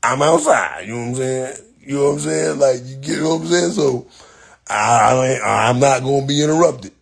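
A man's voice: medium pitch, normal speed, creaky, husky. A man ranting bluntly and profanely to his viewers in casual talk, repeating "you know what I'm saying" and breaking into laughter often. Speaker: social media personality.

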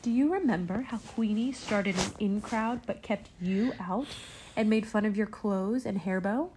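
A woman voicing a patient mother bear in a storybook reading, speaking softly and soothingly. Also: mid-range voice, unhurried, a little hiss or hum, natural voice. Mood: gentle.

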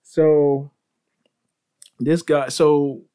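Man, podcast host, rambling casual storyteller, slightly high voice. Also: steady tone, very slow, warm tone. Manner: rambling with restarts, laughs, says bro.

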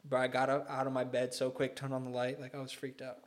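A man's voice: medium pitch, monotone, quick pace. A young man telling stories in a casual chat, rambling and filling his speech with "like". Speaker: guest. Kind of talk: casual storytelling.

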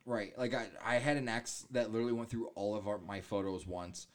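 Slightly low-voiced man telling stories. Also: a little fast. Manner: animated storytelling, mimics voices in quotes, swears often. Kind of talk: casual chat.

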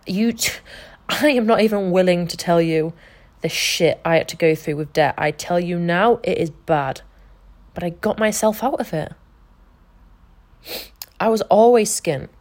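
A woman's voice: on the low side, measured pace, long pauses, darkish tone. A young woman hosting her own podcast, talking earnestly and emphatically about changing her life, swearing freely as she goes. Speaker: podcast host and life coach. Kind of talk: casual motivational monologue.

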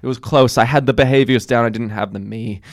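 A man's voice: mid-range voice, steady tone, fast talker, creaky, crowd noise. A young man co-hosting a casual podcast, rambling through anecdotes and mimicking the people he quotes. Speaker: podcast co-host. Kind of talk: casual chat, storytelling.

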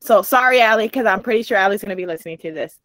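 A young woman co-hosting a podcast, telling a story in casual chat with lively acted-out dialogue and frequent laughter. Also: mid-range voice, very fast, dry recording. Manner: animated storytelling, acts out quoted dialogue, laughs often. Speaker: podcast co-host. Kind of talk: casual chat recapping a TV show.

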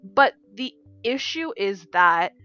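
A woman with a bright, clear voice tells a story on a casual podcast. She is animated, swears freely and acts out the dialogue herself. The recording sounds a bit dull and lo-fi. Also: medium pitch, slow, dry recording. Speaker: podcast co-host and game design teacher.

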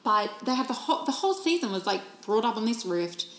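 A woman's voice: fairly high pitch, big pitch swings, fast talker, fairly bright tone. A woman co-hosting a podcast, chatting casually in a rambling way with many restarts. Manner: rambling, trails off and restarts, lots of fillers. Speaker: podcast co-host. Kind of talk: casual chat. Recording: echoey room.

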